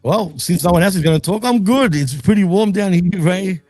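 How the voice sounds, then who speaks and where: A man's voice: high-pitched, a little fast, darkish tone, soft background music. A man with an Australian accent co-hosting a casual podcast in a laid-back, joking way. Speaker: podcast co-host.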